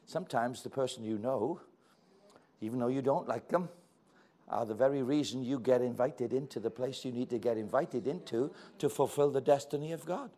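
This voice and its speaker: A man's voice: medium pitch, moderate pace. A man preaching a sermon, telling a story with great animation and acting out its characters' voices. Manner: animated storytelling, acting out voices with big swings from quiet to loud.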